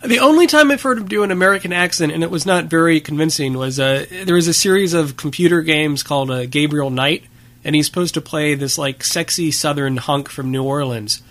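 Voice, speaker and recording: A man's voice: fairly high pitch, fairly quick, fairly bright tone. A man in casual conversation about films, talking with frequent fillers and hesitations. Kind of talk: casual film discussion.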